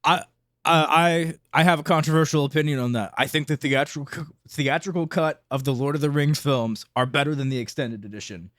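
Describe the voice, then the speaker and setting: A man's voice: on the high side, fairly quick, a bit bright, no echo, clean studio sound. A man co-hosting a podcast, chatting casually with strong opinions and frequent swearing. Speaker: podcast co-host. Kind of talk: casual chat.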